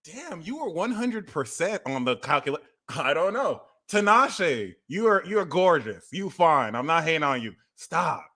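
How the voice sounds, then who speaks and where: A man hosting an astrology reading livestream, talking in an animated, profane rant and sometimes shouting. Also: on the high side, moderate pace, few pauses. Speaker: astrology reader.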